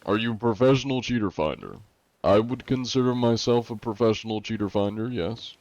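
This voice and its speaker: Casting: easygoing male streamer, lowish voice, dry slightly muffled mic. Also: fairly quick, darkish tone, dry recording. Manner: laid-back, joking, reads chat questions aloud. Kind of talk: casual chat with viewers while gaming.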